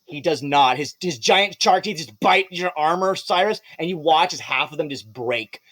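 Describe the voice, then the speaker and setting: Animated, swearing game master man. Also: fairly high pitch, normal speed. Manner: animated, swearing, breaks into laughs. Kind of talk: narrating a live tabletop game.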